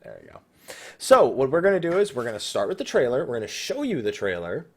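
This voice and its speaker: A man's voice: medium pitch, wildly swooping pitch, fast. A young man hosting a casual gaming podcast, rambling and joking with a laugh in his voice. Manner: jokey, rambling, laughs often. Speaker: podcast host.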